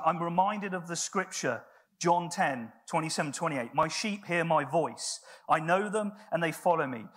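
A man's voice: high-pitched, fairly bright tone. A man preaching a sermon in a church, telling stories in a conversational way with frequent restarts.

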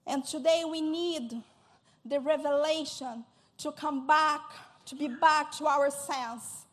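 High-voiced, slow, earnest woman preacher. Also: steady tone. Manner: halting and earnest, repeats words, restarts. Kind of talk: sermon.

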